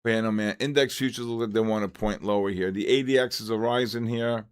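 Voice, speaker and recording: A man's voice: lowish voice, fairly even intonation, brisk, smooth. A man in his sixties hosting a casual live trading stream, chatty and rambling, calling out to viewers by name. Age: 60s. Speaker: trading livestream host.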